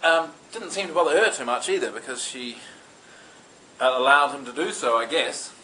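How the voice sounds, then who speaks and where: A man's voice: medium pitch, moderate pace, bright, forceful tone, slight background noise, poor audio. A man telling a comedic story in a meandering way, full of ums and asides. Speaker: comic storyteller.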